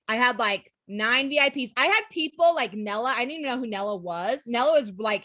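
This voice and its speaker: A woman's voice: fairly high pitch, lively intonation, fairly quick, hardly any pauses, bright, forceful tone, no room sound. A young woman from Utah telling her network marketing story in a casual, candid way, full of "like" and "literally" and the odd swear word. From Utah, USA.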